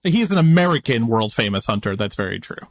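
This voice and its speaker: A man co-hosting a podcast in casual chat, animated and quick to laugh. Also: medium pitch, no echo, studio quality. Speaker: podcast co-host.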